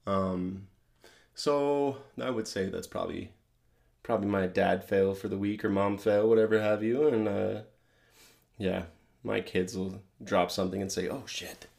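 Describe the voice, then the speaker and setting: The middle-aged co-host of a podcast talks a little slowly in a lowish, steady, creaky voice with a slightly mellow quality. It's a laid-back casual chat, and he laughs through his stories.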